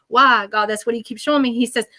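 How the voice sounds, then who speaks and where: A woman's voice: a little high, rapid-fire. Earnest woman medium relaying spirit messages. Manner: earnest, relays messages in quoted speech, keeps asking "okay?"; animated, emotional. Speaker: psychic medium. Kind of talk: live-stream reading.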